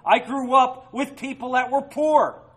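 A man preaching a sermon as pastor, emphatic, swinging between loud stresses and quiet asides. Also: very high-pitched, fairly even intonation, measured pace, rough recording.

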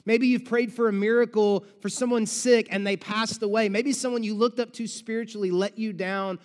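In a large church auditorium, a male pastor preaches a sermon with animated storytelling and dramatic pauses. His voice sits high, and the sound trails off in a long reverb tail.

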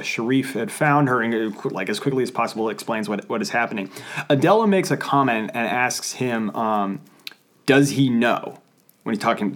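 A man's voice: mid-range voice, a bit bright. A man hosting a casual podcast chat, blunt and joking, who swears casually and rambles through recaps with many restarts. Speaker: podcast host.

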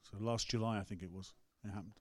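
A man's voice: fairly low pitch, steady tone, fast talker, no echo, studio quality. English man telling a story in a sermon. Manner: storytelling, conversational, acts out quotes. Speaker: rector. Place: church.

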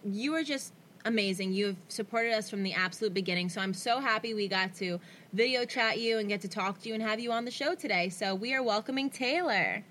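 A woman's voice: medium pitch, fairly quick, fairly bright tone, slight background noise. A woman with a New Jersey accent hosting a podcast, talking in a bubbly, gushing way. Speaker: podcast host. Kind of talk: casual podcast chat.

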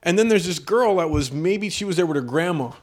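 A man who is a stand-up comic telling a story on a podcast, animated and profane, laughing often. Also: a little high, a little fast.

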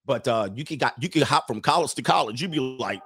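A man's voice: medium pitch, animated, fairly quick, bright, forceful tone, breathy edge, no echo, studio quality. A man hosting a livestream in casual chat, rambling and laughing often as he reads out viewer messages.

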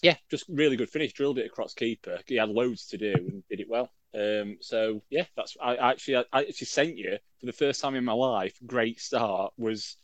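A man's voice: mid-range voice, fairly quick, hardly any pauses, dry recording. Rambling, jokey male podcast host. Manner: rambling, jokey, lots of fillers and self-corrections. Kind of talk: casual chat.

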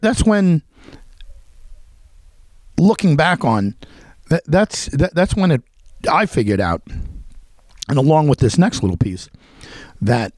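Man telling a rambling story, lively pitch. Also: dry recording. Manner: rambling, restarts often, acts out quoted voices. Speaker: podcast host telling a story. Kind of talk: unscripted spoken monologue.

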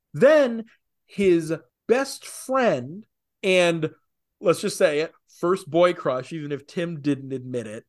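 A man co-hosting a casual podcast, talking opinionatedly with rapid asides. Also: on the high side. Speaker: podcast co-host. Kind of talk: casual comics podcast chat.

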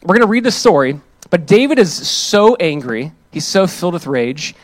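Young guy pastor preaching, fairly high voice, telling a story all lively and chatty, super dry close sound. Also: moderate pace, dry recording. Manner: animated storytelling, voices others in quotes. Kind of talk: sermon with personal story.

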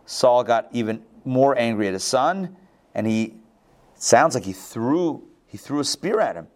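A man teaching a Bible class. He reads verses aloud and breaks in with casual commentary, full of restarts and quick asides. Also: medium pitch, animated, a little mellow.

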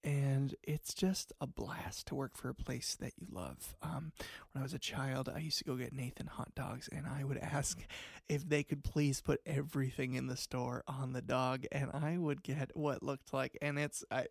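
A man's voice: medium pitch, flat delivery, normal speed, gravelly, dry recording, studio quality. A man hosting an improvised comedy call-in show, talking in a rambling, earnest way that sometimes drops to near whispers. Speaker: talk show host.

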